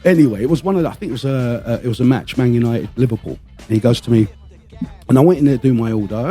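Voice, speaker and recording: A man's voice: medium pitch, quick pace, mellow, slightly rough, faint music behind. A man hosting a casual podcast, telling rambling anecdotes and swearing freely. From London. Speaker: podcast host.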